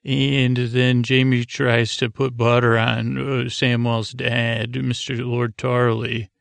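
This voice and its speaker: A man drones through a sleepy recap, his voice level and flat with a gravelly fry underneath. He wanders, restarts and pads his sentences with filler. The sound is dry and close, with no room around it. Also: medium pitch, no room sound. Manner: meandering, many fillers and restarts; droning, unhurried delivery. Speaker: podcast host. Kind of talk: rambling sleep-podcast TV recap.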